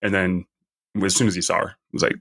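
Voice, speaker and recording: A man's voice: low voice, level tone, fast, vocal fry, a bit bright. A man co-hosting a podcast, chatting casually and chiming in with chuckling reactions. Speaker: podcast co-host. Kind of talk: casual recap chat.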